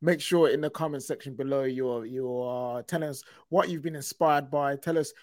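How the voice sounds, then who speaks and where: A man hosting a casual faith podcast, talking in quick excited bursts and speaking to viewers. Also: medium pitch, dry recording. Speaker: podcast host.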